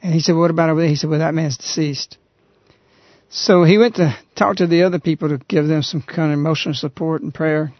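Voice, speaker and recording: A man hosting a radio talk show, earnestly retelling a story in a halting, conversational way. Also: fairly high pitch, steady tone, no echo. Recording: dull, lo-fi radio recording.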